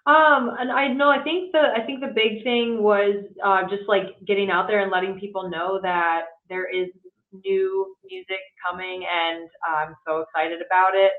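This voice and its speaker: A young woman from Michigan, a singer-songwriter, chats as a podcast guest. She wanders through her thoughts with plenty of "like" and "um". Her fairly low voice comes through thin and phone-like, with echo from the room around her. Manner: rambling, lots of filler likes. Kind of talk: casual interview chat.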